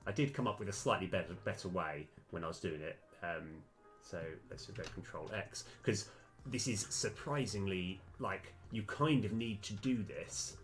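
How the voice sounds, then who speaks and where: A man live-streaming a game, thinking aloud with lots of fillers and sudden bursts of excitement. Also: low-pitched, normal speed, soft background music. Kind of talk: live-stream commentary while playing and mapping a game.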